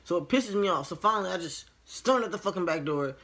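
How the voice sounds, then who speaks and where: A man's voice: high-pitched, animated, quick pace, a bit bright. Frank, exasperated man telling a story. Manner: retells conversations by voicing each side. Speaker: line cook. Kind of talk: casual storytelling to camera.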